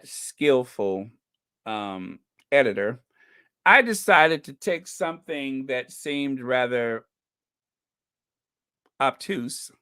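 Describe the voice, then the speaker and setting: A man's voice: medium pitch, sharp tone. A man hosting an online channel, chatting casually and reading out viewer comments with opinionated, mocking asides. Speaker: channel host.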